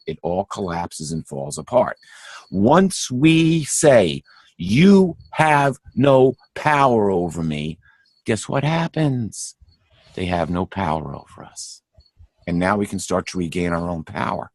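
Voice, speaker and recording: A man's voice: fairly low pitch, a little mellow, no echo. Fervent, preachy middle-aged man. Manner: fervent and preachy, with stumbling restarts. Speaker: panel speaker. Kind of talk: impassioned spiritual talk.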